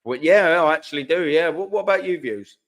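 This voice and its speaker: A man's voice: a little high, a little fast. A young man hosting a live fan stream, chatting casually in slang and reading viewer comments aloud. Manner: laid-back, slangy, reads chat aloud.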